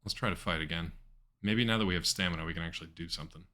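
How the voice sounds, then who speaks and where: Talking rapid-fire, a man chats with his stream audience during live gameplay in a slightly low, bright, forceful voice. Keyboard clicks sound behind his rambling, and he keeps stumbling into ums, fillers and restarts.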